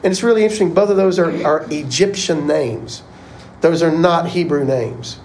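A man's voice: on the high side, normal speed, darkish tone, slight background noise, rough recording. A man teaching a casual Bible class, chatty and rambling. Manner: chatty, rambling, uses "y'all".

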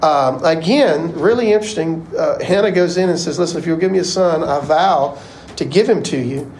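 A man's voice: a little high, moderate pace, a little mellow, a little hiss or hum, rough recording. A man teaching a casual Bible class, chatty and rambling. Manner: chatty, rambling, uses "y'all".

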